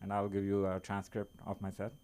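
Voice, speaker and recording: A man who is not a native English speaker doing an open mic stand-up set in a small comedy club, halting, with many fillers and restarts. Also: fairly low pitch, completely flat delivery, background noise.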